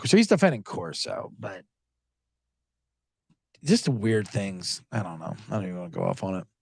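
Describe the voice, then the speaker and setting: At a moderate pace, with a creaky voice and a breathy edge, a Los Angeles podcast host rants through a live sports show. He's animated and sarcastic, casually mocking other people by mimicking them in a raised, high voice.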